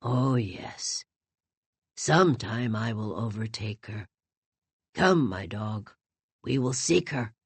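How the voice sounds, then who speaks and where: A woman's voice: lively intonation, takes it slowly, long pauses, breathy edge, no echo, heavily acted. A woman doing a mumbling, heartbroken old man. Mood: wistful. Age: older. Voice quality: low, soft, mumbling.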